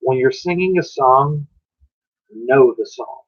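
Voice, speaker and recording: A man's voice: mid-range voice, slow. A man hosting a livestream, giving casual spoken advice in a loose, chatty way, often restarting his phrases and answering chat. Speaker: livestream host. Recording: dull lo-fi stream audio.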